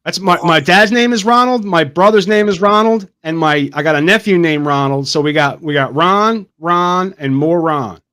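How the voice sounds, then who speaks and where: A man's voice: fairly high pitch, normal speed, hardly any pauses, bright, forceful tone. A man hosting a podcast, chatting casually with loose, swearing banter. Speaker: podcast host.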